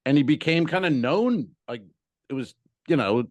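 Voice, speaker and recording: A man co-hosting a comedy podcast, telling showbiz stories in a loose, animated way with some swearing. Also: fairly high pitch, dull audio. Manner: animated storyteller, swearing, does quick impressions in stories. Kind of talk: casual comedy podcast chat.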